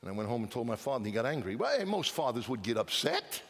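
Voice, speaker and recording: A man preaching a sermon, telling a story with hushed lines and emphatic outbursts. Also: mid-range voice, very animated, fast talker. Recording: long reverb of a large hall.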